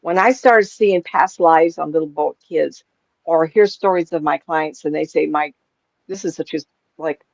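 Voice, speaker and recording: A woman's voice: sits low, normal speed, creaky, no room sound. A middle-aged woman, a psychic medium, telling stories in a casual chat and acting out the voices of people she quotes. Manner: animated storyteller, acts out quoted voices. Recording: dull lo-fi sound.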